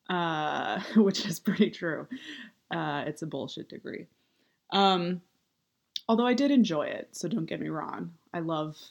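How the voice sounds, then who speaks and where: A woman in her thirties, a writer and activist, talking casually with heavy vocal fry, upward inflection and many fillers. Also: sits low. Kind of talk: casual monologue.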